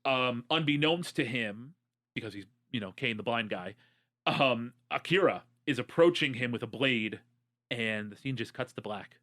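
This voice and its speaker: A man's voice: mid-range voice, lively intonation, moderate pace, a bit bright. A man co-hosting a podcast, walking through a movie plot casually with jokes and a wry tone. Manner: joking, wry storyteller, many "um"s. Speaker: podcast co-host. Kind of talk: casual movie recap chat.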